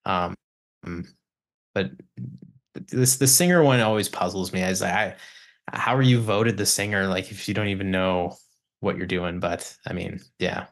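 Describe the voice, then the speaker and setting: A man's voice: deep voice, fairly even intonation, moderate pace, vocal fry. A man telling studio stories on a podcast, rambling with restarts and swearing. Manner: rambling, many restarts, swears, mimics clients. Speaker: guest, recording engineer. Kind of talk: casual podcast chat, storytelling.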